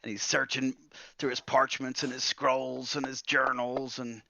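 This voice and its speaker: Gravelly man narrating his character. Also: mid-range voice, level tone, unhurried, bright, forceful tone, dry recording, muffled recording. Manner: descriptive, with many fillers. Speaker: player.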